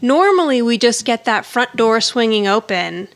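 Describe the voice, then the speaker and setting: A woman's voice: a little high, very animated, moderate pace. A woman co-hosting a podcast, casually recapping a sitcom episode and quoting the characters. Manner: recounts scenes, quoting characters with a laugh. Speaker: podcast co-host.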